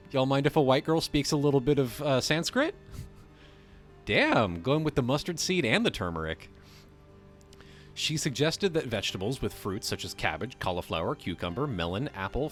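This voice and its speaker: A man's voice: medium pitch, a bit bright. A man hosting a live stream, reading a text aloud and breaking off into joking, casually profane asides to his chat. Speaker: livestream host.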